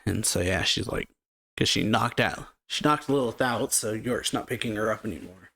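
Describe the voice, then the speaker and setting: A man's voice: fairly low pitch, normal speed, vocal fry, pushed and bright. A man casually recapping a manga chapter as a reaction channel host, rambling with many fillers.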